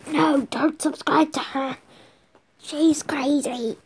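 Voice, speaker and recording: Young female vlogger, high-pitched and slow-paced, silly and giggly. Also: steady tone. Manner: playful, giggly, keeps restarting. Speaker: channel host. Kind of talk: giggly casual vlog chat.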